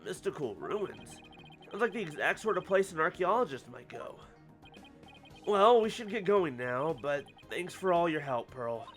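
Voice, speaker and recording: A voice actor doing an earnest young lawyer, easily flustered, his pitch bouncing lively as he reasons things out, faint music underneath in a fan game dub. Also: unhurried. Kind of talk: fan voice-over of a story game.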